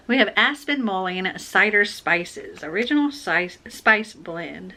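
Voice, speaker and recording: A woman with a bright, forceful voice talks through a book unboxing in a casual, chatty way. She gets excitable and gushes over each thing she pulls out. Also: medium pitch, a little slow, few pauses, a little hiss or hum. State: has the hiccups.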